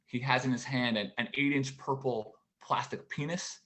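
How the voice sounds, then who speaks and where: Halting deadpan man in his forties. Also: mid-range voice. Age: 40s. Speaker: stand-up comedian. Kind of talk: stand-up routine. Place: at home for a virtual show.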